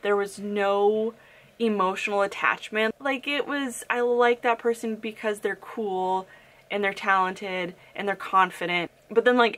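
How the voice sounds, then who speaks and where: A young woman chatting on her book vlog about a novel she disliked. Her pitch sits mid-range but swings up and down a lot as she gets worked up. She talks in a casual, opinionated way, full of "like" and little asides. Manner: animated, opinionated, frequent "like" fillers and laughs. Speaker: book vlogger. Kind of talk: casual book review chat.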